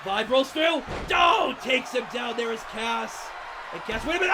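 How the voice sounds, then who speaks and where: A man doing biased, shouting play-by-play commentary at a wrestling show, swearing and cheering on his favorites. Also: very high voice, expressive, moderate pace. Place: wrestling arena with live crowd. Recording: loud crowd and arena noise.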